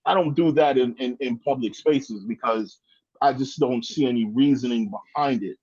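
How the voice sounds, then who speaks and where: A man's voice: mid-range voice, moderate pace, a little mellow, husky. A man, a guest in a casual chat, who keeps saying "you know what I mean" and restarts his sentences. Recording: dull lo-fi sound.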